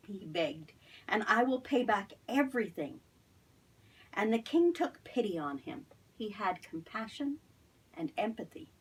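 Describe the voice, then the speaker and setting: A middle-aged woman tells a Bible story to children in an online Sunday school lesson, asking them questions as she goes. Her voice is breathy and a little husky. She sits some way back from the microphone, so she sounds distant. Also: lowish voice.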